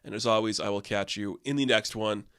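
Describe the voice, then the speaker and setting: A man casually reviewing a movie, loose and profane, full of "like" fillers, jumping up in pitch when incredulous. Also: fairly even intonation, fairly quick, fairly bright tone, clean tone, no echo, clean studio sound.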